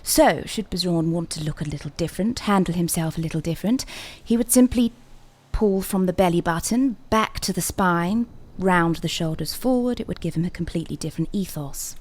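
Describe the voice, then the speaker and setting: A woman's voice: on the low side, fairly quick, a little mellow. A woman playing a theatrical voice coach in a game role-play, speaking in a poised, lecturing manner. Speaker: voice coach character.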